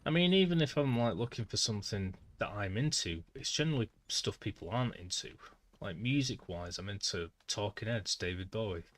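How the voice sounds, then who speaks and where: A man's voice: lowish voice, lively intonation, fairly quick, a bit bright. A man with a British accent chatting casually on a gaming livestream, dry, rambling and self-deprecating. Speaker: gaming streamer.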